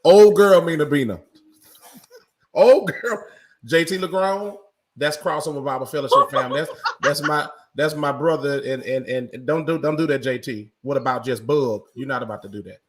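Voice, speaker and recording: A man's voice: medium pitch, fairly quick, a little hiss or hum. A man with a Southern accent co-hosting a morning radio show, teasing and reading out viewer comments. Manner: animated, reads chat comments, teasing. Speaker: co-host. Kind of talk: casual radio chat.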